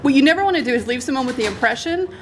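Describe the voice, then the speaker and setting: A woman's voice: sits high, expressive, racing, a little hiss or hum. A woman hosting a convention panel in a casual talk, laughing often and acting out lines.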